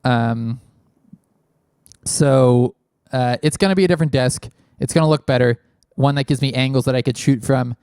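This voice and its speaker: A man hosts a casual call-in show, his medium-pitched voice a little mellow and clean at a moderate pace. He wanders from point to point with many fillers, close on a large studio mic in a small studio, and the recording is dry.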